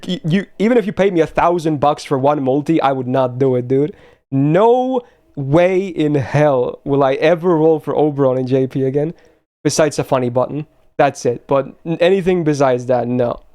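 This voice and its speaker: A man's voice: a little high, a little fast, a little mellow. A young man chatting casually on a live stream, blunt and swearing often as he talks to his chat.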